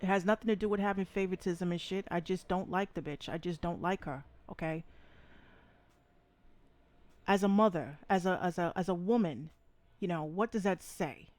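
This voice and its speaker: A woman's voice: fairly low pitch, moderate pace, darkish tone. A woman hosting a live podcast, ranting in a blunt, profane and emphatic way, repeating her points. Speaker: podcast host. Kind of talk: opinionated live podcast rant.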